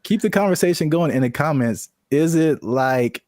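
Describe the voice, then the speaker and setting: A young man co-hosts a casual chat show, his voice swinging widely in pitch as he jokes and laughs. The sound is dry and close, with no room around it. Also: dry recording. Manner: animated, laughs often, drawn-out hype. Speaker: podcast co-host.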